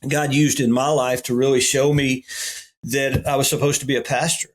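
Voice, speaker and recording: A man's voice: medium pitch, moderate pace. A middle-aged man with a Southern US accent, a pastor telling folksy stories in a podcast interview. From Alabama. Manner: folksy, animated when quoting others.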